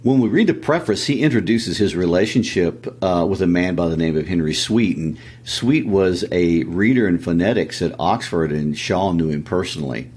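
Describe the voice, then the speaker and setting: A man, co-hosting a podcast and relating stories in a relaxed, conversational way. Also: low-pitched, moderate pace, few pauses, breathy edge. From Tennessee, USA. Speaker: podcast co-host. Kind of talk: casual literary discussion.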